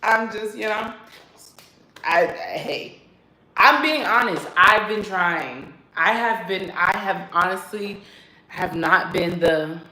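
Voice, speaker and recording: A woman talking casually to her viewers in a sassy, animated vlog style, laughing and swearing freely. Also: mid-range voice, slow pace, echoey room, poor audio. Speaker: vlogger. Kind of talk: casual self-talk vlog.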